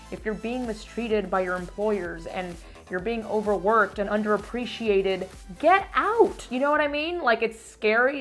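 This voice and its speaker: A young woman from Miami, vlogging casually about her year, animated and emphatic, dropping Spanish words and swearing. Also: mid-range voice. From Miami, United States. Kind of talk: casual year-end vlog.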